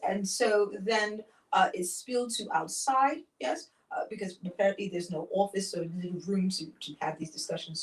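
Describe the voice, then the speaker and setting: Wry woman storyteller, roomy and distant. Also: mid-range voice. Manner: dramatic, wry, repeats a catchphrase. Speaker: host. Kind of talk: casual storytelling chat.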